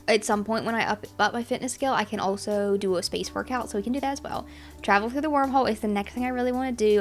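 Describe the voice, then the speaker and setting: A young woman giving chatty, excitable commentary while playing a life-simulation game, often talking to her characters. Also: on the high side. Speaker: gaming channel host. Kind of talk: casual gameplay commentary.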